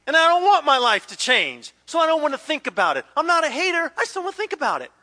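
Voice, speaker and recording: A man preaching a sermon, telling a personal story with lively acted-out quotes and dropping to hushed, intense passages. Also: extremely high pitch, fast. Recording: long hall reverb.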